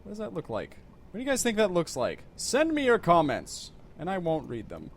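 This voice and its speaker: A man's voice: high-pitched, wildly swooping pitch, a little fast, a little hiss or hum. A man giving casual, rambling let's-play commentary with wry, self-mocking humor.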